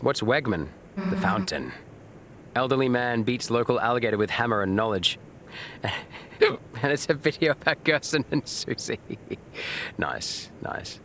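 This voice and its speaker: A man's voice: medium pitch, lively intonation, measured pace, long pauses, a bit bright, a little hiss or hum. A man streaming a game live, chatting loosely with viewers and reading out their messages, with lots of fillers and restarts. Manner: rambling, casual, reads and answers chat; frequent fillers and restarts, swears now and then.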